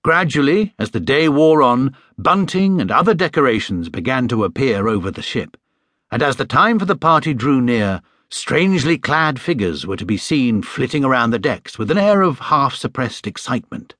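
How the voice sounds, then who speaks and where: A man narrating a children's storybook with an expressive, gently humorous delivery. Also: medium pitch, normal speed, dry recording, clean studio sound. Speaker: audiobook narrator. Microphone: studio microphone.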